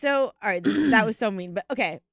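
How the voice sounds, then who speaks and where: A woman's voice: mid-range voice, lively intonation, quick pace, vocal fry, no echo, studio quality. A woman co-hosting a podcast in casual comedic chat, blunt and teasing, laughing often. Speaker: podcast co-host.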